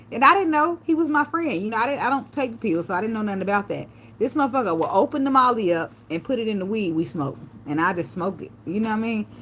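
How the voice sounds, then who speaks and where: A woman vlogger telling loose, profane stories in a relaxed chat, laughing often. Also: medium pitch, slight background noise. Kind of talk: casual livestream chat.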